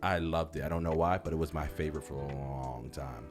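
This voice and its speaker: A man's voice: a bass voice, steady tone, fairly quick, faint music behind. A man in his thirties chatting casually on a podcast, easygoing and rambling. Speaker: podcast host. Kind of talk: casual chat.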